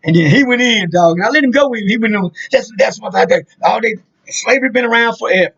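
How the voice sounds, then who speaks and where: A man's voice: sits high, quick pace, vocal fry, fairly bright tone, slightly rough. A man, telling a rambling, profane story in a casual monologue, full of fillers. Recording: dull lo-fi sound.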